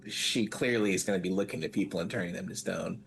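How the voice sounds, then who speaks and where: A man playing a tabletop game who talks haltingly and often searches for his words. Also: deep voice, creaky, fairly bright tone, slight background noise. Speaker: player.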